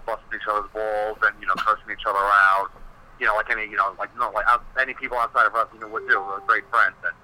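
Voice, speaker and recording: A man's voice: fairly low pitch, bright, forceful tone, rough recording. A man, a wrestling personality, telling stories in a casual podcast interview, rambling with many fillers and swearing freely.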